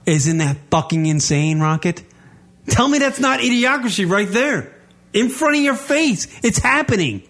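A male radio show host ranting in a loud, profane way and repeating himself as he goes. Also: sits high, big pitch swings, moderate pace. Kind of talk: brash profane radio rant.

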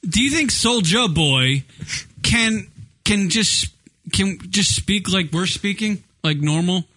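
Male co-host, bright voice pitched slightly high, loose and profane, full of disbelieving questions. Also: a little slow. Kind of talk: casual radio banter.

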